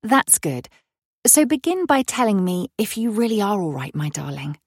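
A woman's voice: mid-range voice, big pitch swings, moderate pace, breathy edge, no echo, clean studio sound, voice pushed up. A woman voicing an earnest young woman in love, speaking eagerly and with worry. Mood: anxious, loving. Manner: eager, breathless, worried.

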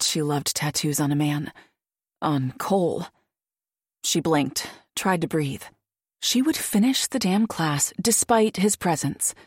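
Woman reading a romance novel aloud, measured and intimate, lower voice, dry close sound. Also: a little mellow, no room sound. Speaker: audiobook narrator. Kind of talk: scripted narration.

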